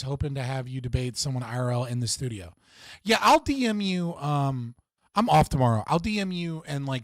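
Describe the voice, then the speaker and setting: A man's voice: medium pitch, no echo, clean studio sound. A young man hosting a casual livestream, rambling and swearing, often restarting sentences and laughing. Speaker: livestream host.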